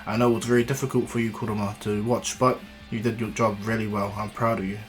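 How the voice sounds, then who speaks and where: A man voicing an ancient, wise male sage who speaks in a measured, fatherly way and explains at length. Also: lowish voice, level tone, soft background music, lightly acted. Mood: proud.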